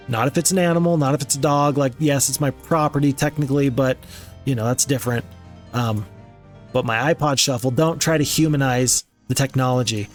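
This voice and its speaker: A man hosting a let's play, commenting on a strategy game in a relaxed, rambling, self-amused way. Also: on the high side. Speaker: gaming channel host.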